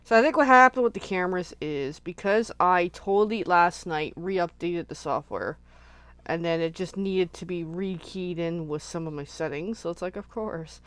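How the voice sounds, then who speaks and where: A craft channel host with a lowish, smooth, slightly bright voice chats at normal speed during a relaxed live crafting session. Working at her desk, she rambles and thinks aloud, and the recording is dry.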